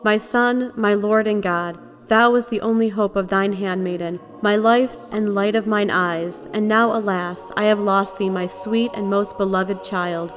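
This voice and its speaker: A woman voices a mother grieving over her dead son. The words are solemn and archaic, read as liturgy, with soft music underneath. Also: mid-range voice, fairly even intonation, measured pace, hardly any pauses, lightly acted. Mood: mournful. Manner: solemn, archaic prayer language. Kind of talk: liturgical reading.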